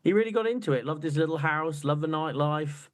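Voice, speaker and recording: A man's voice: on the high side, brisk. A man co-hosting a casual football book chat, joking and slipping into quoted voices. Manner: jokey, puts on quoted voices. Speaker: podcast co-host.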